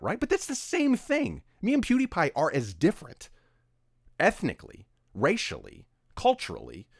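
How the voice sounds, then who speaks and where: A man's voice: medium pitch, no room sound, clean studio sound. Emphatic man with a swooping voice. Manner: emphatic, exasperated, scolding. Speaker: video commentator. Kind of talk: opinionated commentary rant.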